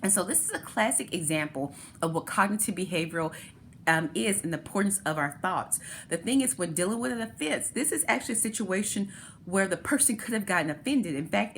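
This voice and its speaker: A woman's voice: lowish voice, expressive, fairly quick, a bit bright, a little hiss or hum. A woman hosting a talk, explaining a therapy idea step by step through everyday examples. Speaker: host.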